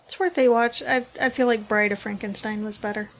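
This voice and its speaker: A woman's voice: on the high side, fairly even intonation, a little fast. A woman co-hosting a podcast, chatting casually about films and reading the sign-off. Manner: chatty, laughs easily. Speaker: podcast co-host. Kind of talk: casual movie review chat.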